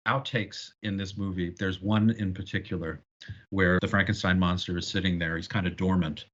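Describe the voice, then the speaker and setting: A low-pitched man speaking as a guest expert on a podcast, telling stories with lively enthusiasm. His audio sounds dull and lo-fi, as if from a remote connection. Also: normal speed. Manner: animated, knowledgeable storyteller. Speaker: guest film historian. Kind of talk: casual podcast discussion.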